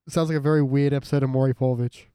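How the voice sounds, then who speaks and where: A man guesting on a comedy podcast, giggly and quick with jokey asides. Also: medium pitch, dark tone, clean tone, no echo, clean studio sound. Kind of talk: casual comedic podcast banter.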